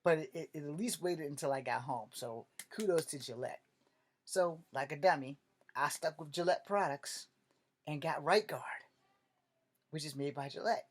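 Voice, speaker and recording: Animated, cursing man telling comic stories. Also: a little high, moderate pace. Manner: animated, profane, joking. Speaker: vlogger. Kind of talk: comedic storytelling rant.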